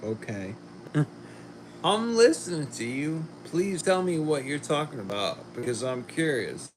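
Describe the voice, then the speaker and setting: A man hosting a casual livestream, chatting to viewers and reading their comments while a little sick, talking in a slow, rambling way and trailing off. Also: on the high side, very animated, noisy background. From Philadelphia. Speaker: livestream host.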